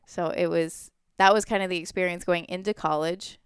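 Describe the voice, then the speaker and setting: A woman's voice: fairly low pitch, normal speed, smooth, dry recording, studio quality. A woman in her twenties, a podcast guest, candidly telling a personal story in conversation. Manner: candid, animated, often acts out quoted voices.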